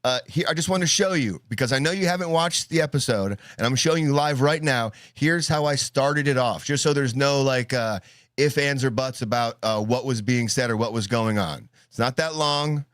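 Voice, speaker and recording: A man's voice: medium pitch, moderate pace, a bit bright, dry recording, clean studio sound. Rambling joking male co-host. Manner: rambling, joking, lots of restarts and fillers. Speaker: co-host of a live call-in show. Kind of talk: casual live show banter.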